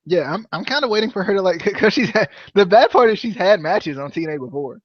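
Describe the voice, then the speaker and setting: A man's voice: sits high, animated, quick pace, dry recording. Chatty man with a dull, dry mic sound. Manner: rambling, laughs often, many fillers and restarts. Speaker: podcast host. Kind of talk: casual wrestling review chat.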